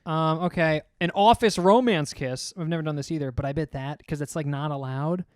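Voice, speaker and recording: A young man co-hosts a casual podcast, his voice sitting a little high for a man. He is animated, laughs a lot and acts out quoted reactions. The sound is close and dry. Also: brisk, clear, resonant tone, no room sound. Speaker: podcast co-host. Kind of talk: casual chat.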